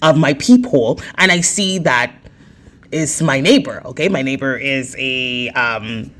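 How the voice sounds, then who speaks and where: A woman vlogger telling a story to her viewers in an animated, emphatic way. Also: a bass voice, a little slow. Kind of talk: storytime vlog.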